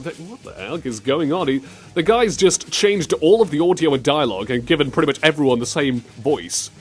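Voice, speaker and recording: Man, podcast host, lively pitch, faint music behind. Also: brisk, slightly rough. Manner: animated, slips into silly impressions. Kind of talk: comedic podcast chat.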